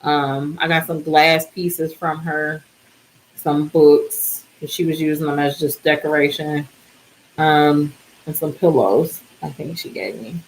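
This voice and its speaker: Tired lady vlogger rambling along, lowish voice, keeps trailing off. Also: steady tone, takes it slowly, a little hiss or hum, low-quality recording. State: exhausted, yawning. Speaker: DIY vlogger. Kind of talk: casual chat.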